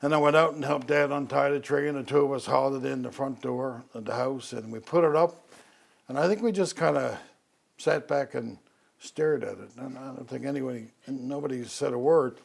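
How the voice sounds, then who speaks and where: Gravelly older storyteller from Newfoundland. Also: male voice, medium pitch. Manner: unhurried, wry, with many "uh" pauses. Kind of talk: personal Christmas storytelling.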